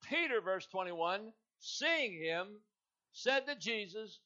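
A man preaches with a high, bright and forceful voice that keeps climbing into emphatic, dramatic retellings of scripture. The recording is dull and lo-fi. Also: lively intonation, takes it slowly. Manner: rising to loud, emphatic preaching, acting out scripture dialogue. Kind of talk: sermon.

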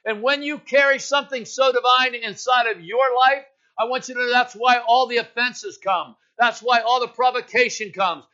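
A male preacher with a high, bright, cutting voice delivers an impassioned sermon. He climbs to loud, ringing peaks and then falls to near-whispered appeals. The recording is dull and lo-fi. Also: fairly even intonation, moderate pace, few pauses.

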